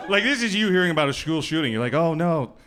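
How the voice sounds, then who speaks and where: A male stand-up comedian from New York doing a club set in a conversational, deadpan style with bursts of acted voices. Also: a little high, racing, a loud crowd. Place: comedy club stage before a live audience. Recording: live club recording with audience noise.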